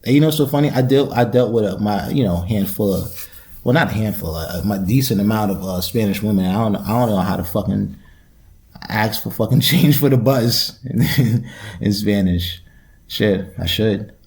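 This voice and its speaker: A man's voice: lowish voice, moderate pace, a little mellow. A young man hosting a solo podcast, rambling through a loose, profane, joking rant. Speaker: podcast host.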